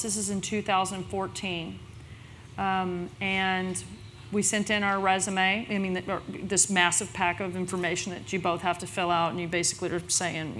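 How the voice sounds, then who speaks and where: A woman speaking on a conference panel about her business, telling the story in a lively, chatty way. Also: a little hiss or hum. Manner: lively storyteller, quotes others with big pitch jumps.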